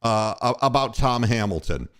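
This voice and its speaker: A man's voice: medium pitch, lively intonation, moderate pace, a bit bright, smooth. An older man hosting a casual sports talk show, telling rambling, profane stories from his years running a radio station. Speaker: podcast host and former radio station boss.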